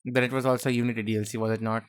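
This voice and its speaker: A man's voice: medium pitch, little pitch movement, rapid-fire, clear, resonant tone, no room sound, studio quality. A man hosting a reaction video, cutting in with joking, sarcastic asides. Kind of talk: casual commentary.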